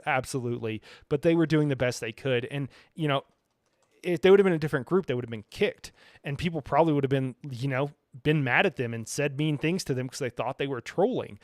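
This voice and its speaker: A man's voice: medium pitch, dry recording, clean studio sound. A man hosting a live stream, chatting casually about a game in a rambling way, full of fillers and frequent chuckles. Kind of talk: casual gaming reaction chat.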